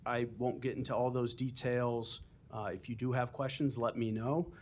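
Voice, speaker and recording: A man's voice: medium pitch, flat delivery, moderate pace, darkish tone. A man from the planning department briefing a board at a public meeting, explaining steps with frequent ums. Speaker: planning department staff member. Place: council chamber.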